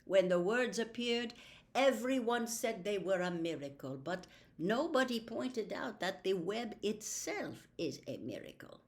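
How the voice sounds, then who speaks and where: A woman reading a calm old country doctor. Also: medium pitch, measured pace, voice pushed up. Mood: musing.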